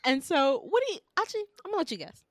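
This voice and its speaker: A woman's voice: high voice, very animated, very fast, a bit bright, no echo. A young woman co-hosting a casual podcast, animatedly telling a dream story with frequent laughter. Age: young adult.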